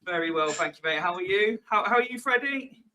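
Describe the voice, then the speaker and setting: A man's voice: high voice, expressive, brisk, pushed and bright, low-quality recording. A man with a West Country accent hosting a casual live-streamed podcast, chatty and swearing freely, tripping over repeated words. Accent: West Country English. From Swindon, England. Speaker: podcast host.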